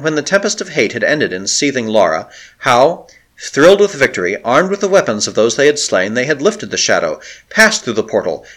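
A man's voice: mid-range voice, a bit bright. A man reading an adventure novel aloud as an audiobook narrator, telling it with dramatic expression.

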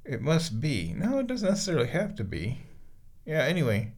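Gravelly man rambling to his cat. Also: a little high, huge pitch swings, normal speed, darkish tone. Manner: chatty, playful, talks baby talk to his cat. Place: bathroom, sitting in a bathtub.

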